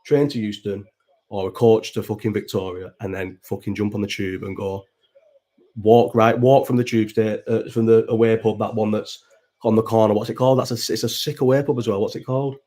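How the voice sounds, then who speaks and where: A Bolton man in his thirties, with a Northern English Bolton accent, hosts a watch-along livestream, rambling casually, swearing freely and replying to the chat. His voice is fairly low, dark and steady in tone, and fairly quick.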